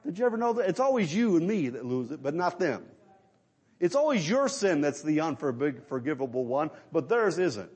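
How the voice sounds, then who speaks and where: Emphatic preacher with a lively high voice. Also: male voice, moderate pace, breathy edge. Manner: emphatic, asks the congregation rhetorical questions. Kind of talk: sermon.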